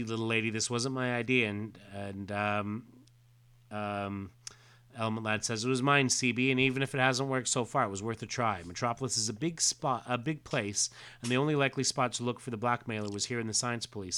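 A man's voice: fairly low pitch, a little fast, clean tone. A man co-hosting a casual podcast, reading comic dialogue aloud with frequent hesitations. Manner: relaxed, hesitant with fillers, reads quotes plainly. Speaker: podcast co-host.

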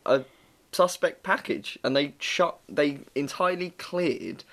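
A man's voice: fairly high pitch, lively intonation, a little slow, fairly bright tone. A young man chatting casually as a podcast co-host, telling stories and laughing often. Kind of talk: casual chat. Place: works in London.

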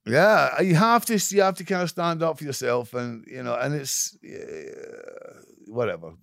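A man guest with a gravelly, rough-edged voice, speaking bluntly and cursing freely. He stumbles and repeats words as he gathers his thoughts. The sound is dry and close to the mic. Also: mid-range voice, lively intonation, fairly bright tone, no echo. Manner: blunt and profane, swears freely; halting, repeats words while searching. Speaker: podcast guest, actor. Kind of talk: casual interview chat.

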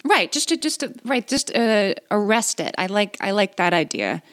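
A woman's voice: medium pitch, sing-song, moderate pace. A woman co-hosting a podcast, talking in a thoughtful, hesitant way with restarts. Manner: thoughtful, hesitant, soft laughs. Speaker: podcast co-host. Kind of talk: casual chat.

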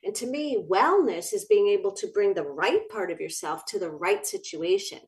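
A woman guest on a talk show, answering with enthusiasm and expressive delivery. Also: medium pitch, normal speed. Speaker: guest author. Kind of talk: interview answers.

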